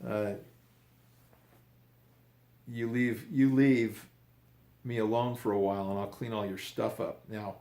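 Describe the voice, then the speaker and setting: A man's voice: on the low side, steady tone, slow, pauses often, dark tone. Older man, casual rambling storytelling, restarts a lot, echoey room. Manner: rambling, repeats and restarts words.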